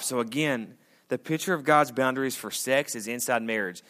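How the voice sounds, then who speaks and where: A married man preaching a sermon to a congregation, speaking casually and swinging from loud emphatic lines to quiet asides. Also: medium pitch, moderate pace. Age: adult, married. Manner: conversational preacher, rising to emphatic peaks and dropping to quiet asides. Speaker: pastor. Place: church sanctuary before a congregation.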